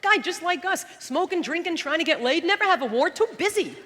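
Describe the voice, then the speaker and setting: A woman doing live stand-up comedy with a sharp, punchy delivery and mocking put-on voices. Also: very high-pitched, lively intonation, brisk, heavy background noise. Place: theater stage before a live audience. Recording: roomy live show recording with crowd.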